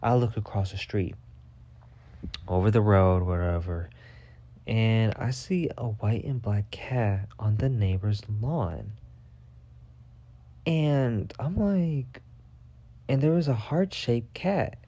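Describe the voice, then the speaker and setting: Profane, mellow-voiced man telling a story. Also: slow pace, pauses often, muffled recording. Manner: profane, animated, jumps to a high voice when quoting himself. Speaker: podcast host. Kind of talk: casual storytime monologue.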